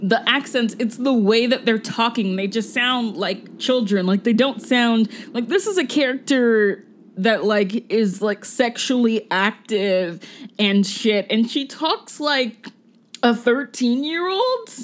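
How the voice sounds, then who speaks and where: A woman's voice: on the high side, expressive, slow pace, a little hiss or hum. A woman co-hosting a podcast, chatting about a film in a loose way, full of "like" and laughter. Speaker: podcast co-host. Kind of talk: casual film commentary.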